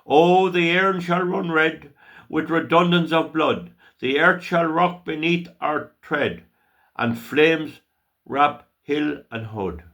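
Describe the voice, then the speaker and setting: An older man from Ireland with a gravelly voice, reading verse aloud with deep feeling. He speaks slowly and deliberately, drawing each phrase out. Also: fairly bright tone. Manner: slow, emotional, declaiming with long drawn-out phrases. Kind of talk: dramatic poetry recitation.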